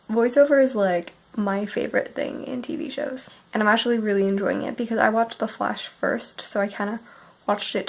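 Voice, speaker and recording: A young woman in her early twenties from Canada, musing sleepily and softly about books while unwell, often dropping to a half-whisper. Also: mid-range voice, gravelly, poor audio. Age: early 20s. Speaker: book vlogger.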